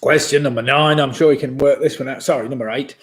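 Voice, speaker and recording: A man's voice: medium pitch, steady tone, quick pace, fairly bright tone. A man in his sixties hosting a live online pub quiz. He reads each question twice and chuckles at his own jokes. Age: 60s.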